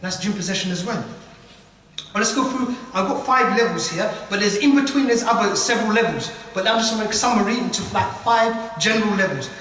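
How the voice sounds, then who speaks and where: British man, high voice, casual rambling lesson, heavy echo from far away in a big room. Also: a little fast, a bit bright. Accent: British English. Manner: loose, repetitive explaining with tag questions. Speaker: ruqya teacher. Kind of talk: informal spoken lesson. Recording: echoey hall from far off.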